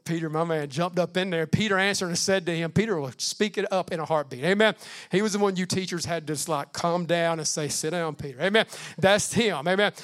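Man, pastor, sermon, high voice, loud and hushed turns, amen calls. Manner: preaching with swings from loud emphasis to hushed, slow delivery; calls out "Amen" between points.

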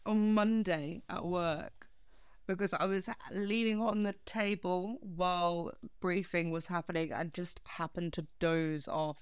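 A woman with a smooth, clean voice chats on a podcast, teasing the others bluntly and swearing casually. Her voice is dry and close to the mic. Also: on the low side, steady tone, a little slow, no room sound. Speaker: podcast co-host. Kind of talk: casual chat.

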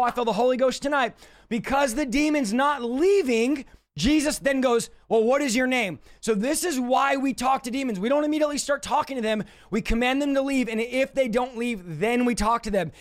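A man preaching on a livestream, emphatic and confrontational, repeating his points for force. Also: very high-pitched. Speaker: deliverance preacher. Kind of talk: livestream teaching.

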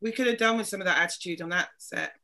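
A woman with a British accent talking on a podcast, speaking haltingly as she searches for words. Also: medium pitch, sharp tone. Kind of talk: podcast conversation.

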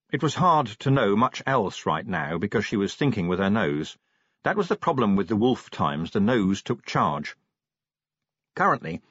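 Male audiobook narrator, low and husky, wry, lots of pitch movement; dry, dull lo-fi sound. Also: no room sound. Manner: wry, lively storytelling. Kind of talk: scripted narration of a novel.

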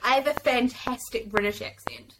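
A woman's voice: on the high side, moderate pace, noisy background. A young woman chatting as a guest on a casual podcast, bubbly and playful. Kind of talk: casual chat.

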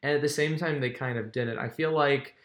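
A young man co-hosting a podcast who talks in a relaxed, teasing way as he discusses an album. His pitch is middling. The recording carries a roomy echo. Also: a little fast. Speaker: podcast co-host. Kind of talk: casual chat, album review.

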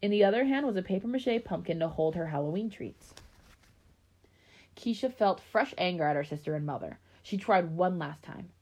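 A woman reading a story aloud in a relaxed way, breaking off now and then for chatty asides. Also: fairly low pitch, normal speed.

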